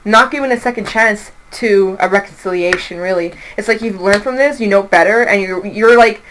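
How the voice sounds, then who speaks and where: A young woman reads tarot cards in a loose, chatty way. She swears freely and throws in lively quoted voices. Her pitch sits in an ordinary middle range. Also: normal speed, noisy background. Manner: animated, profane, acts out quoted voices. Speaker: tarot reader. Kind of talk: casual tarot reading.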